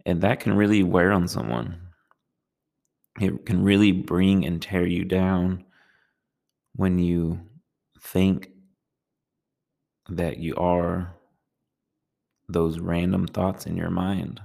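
A man giving a calm, measured talk on meditation, speaking in a slow and soothing way. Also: low voice, creaky. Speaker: meditation teacher.

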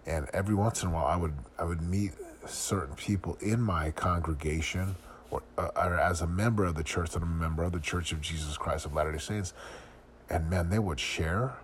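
A middle-aged man with a very low voice talks through a personal reflection for his podcast. His delivery is earnest and confessional, full of searching questions. A faint hum of room ambience sits behind him. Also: a little fast. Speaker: podcast host.

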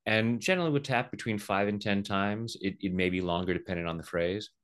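A man's voice: on the low side, fairly quick, a bit bright. A middle-aged man explaining and demonstrating tapping with a playful manner, often acting out the voices of the people he quotes. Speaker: EFT tapping practitioner, guest.

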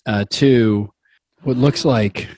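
A man's voice: mid-range voice, slow pace, darkish tone, dry recording. A man running a comedic tabletop game as game master, rambling with fillers and frequent giggles.

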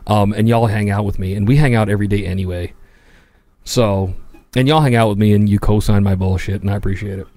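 A man hosting a podcast in casual chat, joking and swearing, with bursts of loud laughter. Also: fairly even intonation, fast talker. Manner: profane, joking, laughs loudly and jumps high in pitch. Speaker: podcast host.

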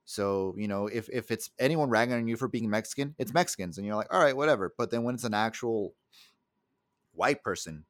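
Young man, podcast co-host, heated, cussing, low voice, dry close sound. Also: brisk, no echo. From El Paso area, USA. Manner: profane, heated, storytelling. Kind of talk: casual podcast chat.

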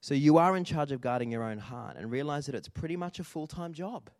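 A man preaching a lively sermon, telling stories and calling out to the congregation for responses. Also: fairly high pitch, a little fast, dry recording. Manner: animated storytelling with audience call-outs. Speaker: pastor.

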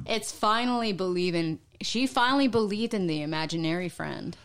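Low-voiced woman chatting on a podcast. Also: moderate pace, fairly bright tone, smooth. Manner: casual, emphatic, chatty. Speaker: podcast co-host. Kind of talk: casual chat. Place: home podcast studio.

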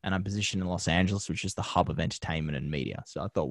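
A man with a low, deep voice tells stories from his career in a relaxed interview. He talks with energy, laughs often and drops casual slang. The sound is dry and close, with no room echo. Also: very fast. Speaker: TV host and media founder.

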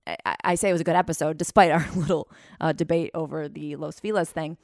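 A woman's voice: deep voice, steady tone, quick pace, vocal fry, darkish tone, no echo, studio quality. A young woman hosting a podcast, talking in a rambling, self-deprecating way in casual chat. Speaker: podcast host.

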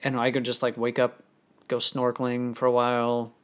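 A man with a mid-pitched voice talks as a guest about life on a TV crew. His storytelling is relaxed and halting, with frequent pauses and fillers. He sounds easygoing in an informal conversation. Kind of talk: casual storytelling chat.

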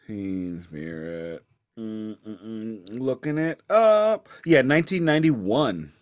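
A man's voice: lowish voice, animated, takes it slowly, smooth. A man co-hosting a casual music podcast, chatty and correcting himself as he goes. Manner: chatty, self-correcting, laughs easily. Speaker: podcast co-host. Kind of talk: casual chat about music.

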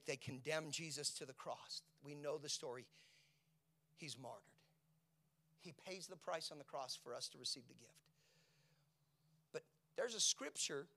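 A male preacher giving a sermon, asking his listeners questions and moving between hushed whispers and loud, shouted peaks. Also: on the high side. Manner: asks the congregation rhetorical questions.

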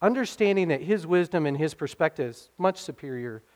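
A middle-aged male pastor delivering a sermon in an earnest, conversational manner. His voice sits a little high for a man, and he keeps checking that his listeners follow along. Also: expressive, fairly quick. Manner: earnest, conversational preaching with frequent "okay?" and "right?" checks.

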